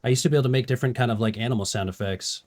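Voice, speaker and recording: A man's voice: medium pitch, rapid-fire, a little mellow. A young man streaming a game, joking around casually and trying out silly animal noises. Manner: goofy, jokey, does animal noises. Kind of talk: casual gameplay commentary.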